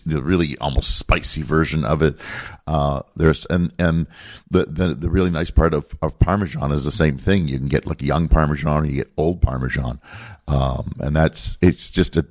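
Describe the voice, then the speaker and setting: Really deep voiced guy chatting on a podcast, laid back, tells stories. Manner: relaxed, storytelling. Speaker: podcast co-host. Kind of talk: casual chat.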